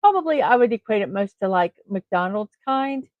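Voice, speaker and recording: A woman's voice: mid-range voice, lively intonation, moderate pace, dry recording. A woman hosting a daily morning livestream in a casual, chatty way, talking herself through each task and a little scattered. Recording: tinny phone-like sound, dry.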